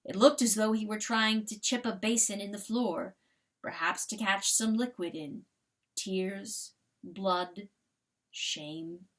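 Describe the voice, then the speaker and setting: Slow, bright-voiced woman reading a novel aloud. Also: medium pitch. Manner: slow, intense, expressive narration. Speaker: audiobook reader.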